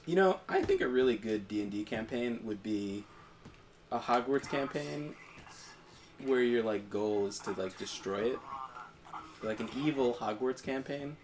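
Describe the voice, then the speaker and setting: A man's voice: mid-range voice, background noise. A man chatting playfully and riffing on jokes while watching a video game being played. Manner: playful, rambling, quick to joke. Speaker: gameplay co-commentator. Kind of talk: casual let's-play chat.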